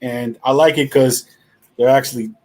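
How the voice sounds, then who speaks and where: A man's voice: mid-range voice, fairly even intonation, moderate pace. Laid-back profane man in casual chat. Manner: loose, profane, laughing banter. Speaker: podcast co-host.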